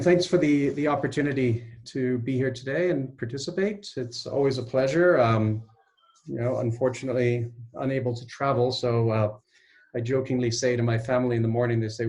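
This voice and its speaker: A man giving a relaxed, self-deprecating conference talk over a video call. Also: mid-range voice. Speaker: guest speaker. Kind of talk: online conference presentation.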